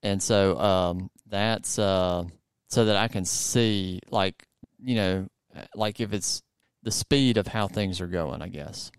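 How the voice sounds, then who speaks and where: Man, southern us accent, podcast host, low smooth voice, dry close sound, chatty and rambling. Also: takes it slowly, no echo. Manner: rambling, filler-heavy, lots of "like". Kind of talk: casual conversational interview.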